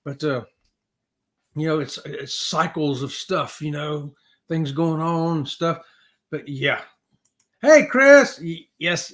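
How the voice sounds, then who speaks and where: A man's voice: a little high, sharp tone. A man hosting a casual livestream, upbeat, reading viewer comments aloud and laughing often. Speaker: livestream host.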